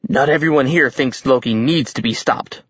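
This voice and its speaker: A man voicing a sly, desperate giant king who booms for show and snarls under his breath in an audiobook. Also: normal speed, breathy edge, dry recording, lo-fi sound. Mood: urgent hushed. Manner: loud showman bluster, then low urgent snarl.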